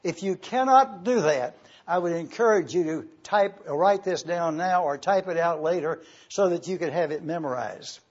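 A man preaching a sermon in a high, husky voice, unhurried and deliberate as he spells out Greek words letter by letter. The recording is muffled and lo-fi, like an old church tape. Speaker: pastor.

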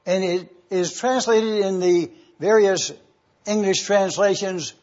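Male preacher, high husky voice, slow deliberate delivery, lo-fi sermon recording. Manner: slow, deliberate teaching with emphatic pauses. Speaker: preacher teaching scripture. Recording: dull lo-fi recording.

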